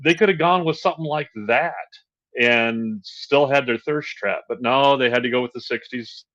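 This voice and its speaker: Animated man ranting on a podcast. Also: medium pitch, moderate pace. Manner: animated, exasperated ranting with laughs. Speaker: podcast co-host. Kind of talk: casual chat. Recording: dull lo-fi sound.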